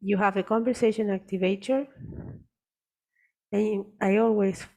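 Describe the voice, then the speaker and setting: A woman teacher walks through a software tutorial on screen and explains things step by step. She speaks very slowly and deliberately. Her pitch sits in an ordinary middle range. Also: steady tone, creaky.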